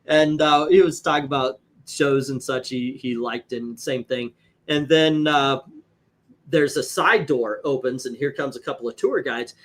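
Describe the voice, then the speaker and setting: A man hosting a stream, telling profane, animated anecdotes in casual chat. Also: mid-range voice, a little slow. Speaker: host. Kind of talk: casual storytelling on a live stream.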